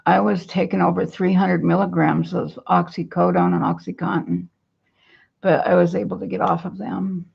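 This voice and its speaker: A woman's voice: on the low side, level tone, normal speed, gravelly, husky. A woman vlogging casually from her home into a computer webcam, rambling in a downcast way and reading viewer comments aloud. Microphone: computer webcam mic. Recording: dull lo-fi webcam audio.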